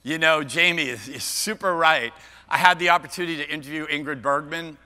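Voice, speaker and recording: A man's voice: fairly high pitch, a little fast, pushed and bright. An older man giving a keynote talk, playful and self-mocking, bantering with the audience by name. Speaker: keynote speaker. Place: large conference hall. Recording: long hall reverb.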